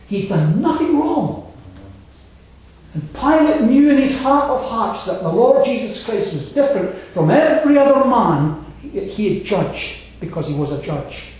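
A man preaching a sermon, slow and emphatic, letting his phrases fall away to a hush. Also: high voice. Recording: very echoey hall, slightly dull sound.

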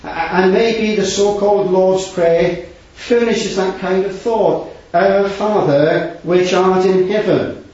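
A man preaches an earnest sermon in a fairly high voice, rising to loud, raised passages and dropping to hushed ones. He quotes scripture in old wording. The recording is distant, dull and lo-fi, with heavy echo from the hall. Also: fairly even intonation, slow pace, hardly any pauses. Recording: echoey hall, distant mic, dull lo-fi sound.

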